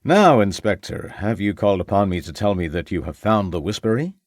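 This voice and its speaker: A self-assured American doctor , read by a man, who speaks in a slow, formal drawl. His deep voice rises and falls freely, and he never sounds rattled. It is a crime audiobook read in a dry room. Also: animated, dry recording.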